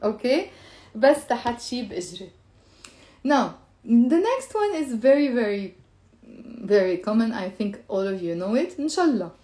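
A woman's voice: on the high side, big pitch swings, dark tone. Chatty Lebanese woman teaching slang. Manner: chatty, laughs often, repeats phrases slowly for learners. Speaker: language teacher. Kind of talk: live-streamed language lesson.

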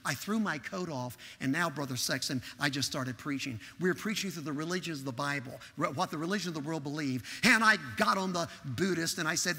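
A man preaching in a large church, his high voice gravelly and bright. He tells a story and acts out its conversations with animation, and a long hall reverb trails each phrase. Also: quick pace, hardly any pauses. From Texas. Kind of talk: storytelling sermon.

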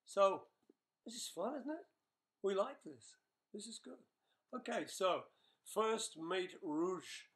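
A man's voice: sits high, expressive, slow, long pauses, fairly bright tone. An older man answering fan questions in a casual live webchat, playful and chatty as he reads each question aloud.

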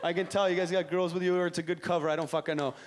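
A man from Iran doing live stand-up comedy as host, energetic, profane and teasing the crowd. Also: high-pitched, very fast. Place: comedy club stage. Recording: noisy club with crowd laughter.

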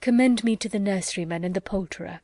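A woman's voice: mid-range voice, fast, dark tone, no echo, lightly acted. A woman voicing an arch, teasing young lady. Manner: arch and playful.

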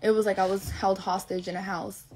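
A woman's voice: mid-range voice, little pitch movement, fairly quick, background noise. A young woman telling a long personal story on a live stream in a rambling, profane, emotional way. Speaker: livestreamer.

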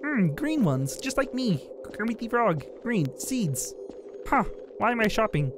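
A bright, pinched frog voice, high and nasal, squeezed from a tight throat, as a man puts on a famous puppet. It chatters along over game music with a cheerful, slightly nervous bounce. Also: sing-song, a little slow. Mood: curious. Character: Kermit the Frog impression, cheerful male frog. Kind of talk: gameplay commentary in character.

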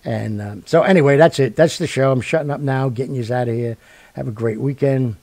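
A man's voice: medium pitch, a little fast, darkish tone, dry recording. A man hosting a radio show, chatting casually in a rambling, joking way. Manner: rambling and jokey, full of fillers and asides. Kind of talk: casual sign-off chat.

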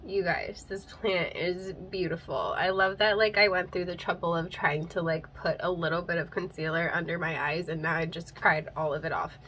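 Young woman, casual unboxing vlog, bright tone, gushing, laughing through tears, faint background hiss. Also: fairly low pitch, steady tone, normal speed, few pauses, rough recording. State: teary, voice catching. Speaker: plant vlogger. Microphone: handheld camera.

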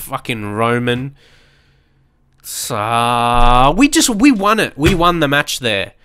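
Excitable male gamer, smooth voice, dry close-mic sound, lively let's play commentary. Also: medium pitch, unhurried, no room sound. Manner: excitable, shouting at the screen and swearing. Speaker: gaming YouTuber.

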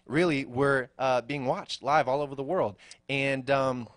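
Young male studio host, animated storyteller, dry close sound. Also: medium pitch, unhurried, dry recording. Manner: animated storyteller, laughs often. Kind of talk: casual studio chat. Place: radio/TV studio.

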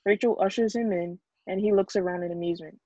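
A woman's voice: mid-range voice, fairly even intonation, fast talker, mellow, dry recording. Sex: female. Role: reading stage directions. Sound: dull video call.

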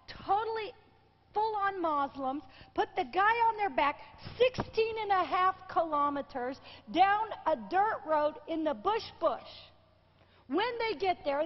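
A woman preacher telling a story in a sermon, emotional and exclaiming, her voice tearful at times. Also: very high-pitched. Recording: dull lo-fi recording in a reverberant hall.

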